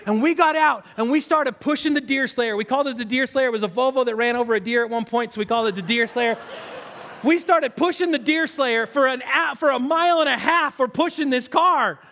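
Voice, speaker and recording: A man's voice: very high-pitched, brisk. A man preaching a sermon, telling stories earnestly and with animation, then leading a prayer. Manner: earnest, animated storyteller with stammered restarts. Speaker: pastor. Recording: long reverb of a large hall.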